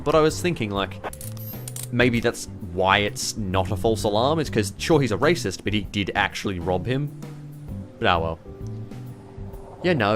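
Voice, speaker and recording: A man giving let's play commentary, thinking aloud in a rambling way and swearing casually. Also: deep voice. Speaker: gamer playing a police management game.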